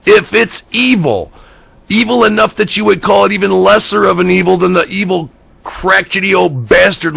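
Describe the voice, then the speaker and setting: A man's voice: high voice, creaky, fairly bright tone, slightly rough, no echo, dull audio. An American man hosting an internet talk show, ranting bluntly about politics with profanity and heated rhetorical questions. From United States. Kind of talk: political commentary rant.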